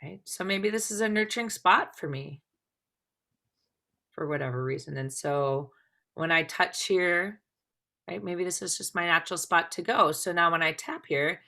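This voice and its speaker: Bright-voiced woman teaching a tapping class. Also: fairly low pitch, normal speed. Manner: conversational, frequent "right?" check-ins. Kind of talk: live class instruction.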